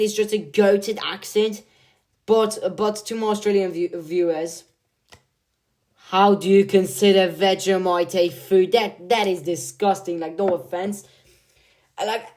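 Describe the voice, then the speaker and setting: This is a young man chatting through his football predictions. His delivery is loose and slangy, with lots of filler, repeated words and restarts as he thinks out loud. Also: high-pitched. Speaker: football video creator. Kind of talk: casual prediction commentary.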